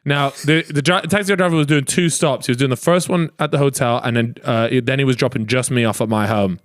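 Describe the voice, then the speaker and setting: A young man, a podcast guest, telling a story in casual chat, animated and swearing freely. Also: mid-range voice, fast.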